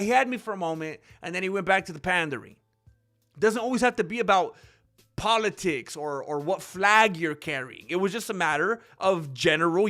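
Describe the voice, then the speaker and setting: Brief: high, lively male voice, bright and forceful, heated solo commentary host. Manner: heated, animated, acts out quoted voices.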